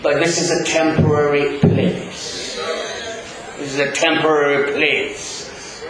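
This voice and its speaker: An older man preaching a funeral sermon, rising to impassioned shouts and dropping to hushed tones. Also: on the high side, little pitch movement, slow pace. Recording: very echoey hall with crowd.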